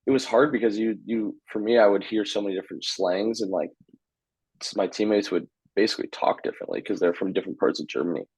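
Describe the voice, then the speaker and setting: This young man in his twenties is a hockey player appearing as a podcast guest, chatting casually in a fairly low, slightly rough voice at a quick pace. He sounds relaxed but a bit hesitant, using fillers and chuckling. The low-quality recording has no echo.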